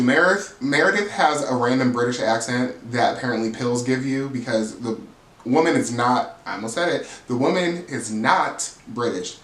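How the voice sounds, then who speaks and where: A man's voice: mid-range voice, normal speed, echoey room. Sassy man dishing reality TV gossip. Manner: animated, sassy, gossipy storytelling with acted-out quotes. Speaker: reality TV recap host. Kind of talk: casual recap commentary.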